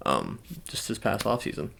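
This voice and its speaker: A young man speaking in a soft ASMR style, chatting casually and rambling with many fillers and restarts. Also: fairly low pitch, wildly swooping pitch, normal speed, gravelly, husky. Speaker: ASMR channel host. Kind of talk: soft-spoken ASMR sports talk.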